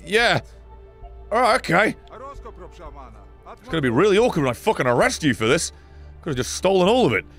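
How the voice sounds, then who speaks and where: A young man giving sarcastic, swearing commentary while playing a game, with sudden loud outbursts. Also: high-pitched, very animated, a little fast, long pauses, faint music behind. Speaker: gaming YouTuber. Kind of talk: let's play commentary.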